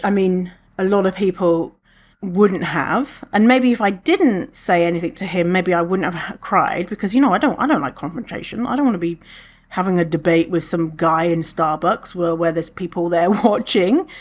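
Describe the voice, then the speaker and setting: A woman's voice: medium pitch, moderate pace. A woman hosting a podcast, telling a story in a chatty, candid way and swearing freely. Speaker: podcast host. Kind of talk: casual storytelling monologue.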